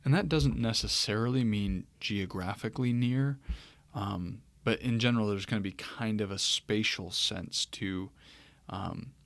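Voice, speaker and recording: A man teaching a lesson on grammar, talking it through in a relaxed way, with pauses and restarts. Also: lowish voice, gravelly, no room sound. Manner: relaxed, thinking aloud with fillers and restarts. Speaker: Greek teacher. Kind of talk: lecture.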